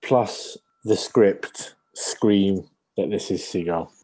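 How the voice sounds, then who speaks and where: A man co-hosting a comedy podcast, teasing and dry in a slow, deliberate manner. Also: sits low, a little mellow. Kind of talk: comedic casual chat.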